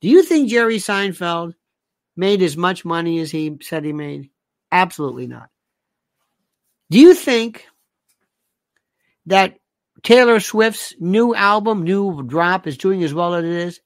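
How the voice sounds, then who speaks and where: A man's voice: high voice, lively intonation, no room sound. Sarcastic rambling man, dry sound. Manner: sarcastic, rapid-fire rhetorical questions, repeats himself. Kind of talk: rambling monologue.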